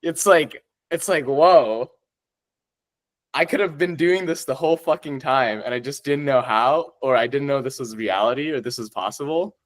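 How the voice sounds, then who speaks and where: A man chatting as a podcast guest, excitable and heavy on swearing, often laughing as he talks. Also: mid-range voice, a little fast, few pauses, poor audio. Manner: excitable, swears a lot, laughs while talking. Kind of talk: casual chat.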